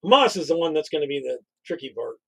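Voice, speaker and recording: A man's voice: fairly high pitch, sing-song, quick pace, vocal fry, a bit bright. A man giving casual, offhand commentary as co-host, thinking aloud.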